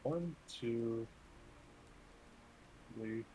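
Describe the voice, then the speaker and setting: A man's voice: mid-range voice, drawn-out words, mellow, rough recording. Guy player, um-ing through his turn, a bit of hiss behind. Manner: hesitant, many ums while counting moves. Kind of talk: casual tabletop game chat.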